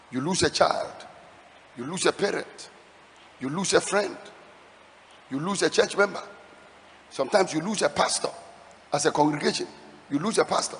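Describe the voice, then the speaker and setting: A male pastor preaching a sermon, reading scripture aloud with dramatic, slowed emphasis. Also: on the high side, a bit bright. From Ghana. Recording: long hall reverb.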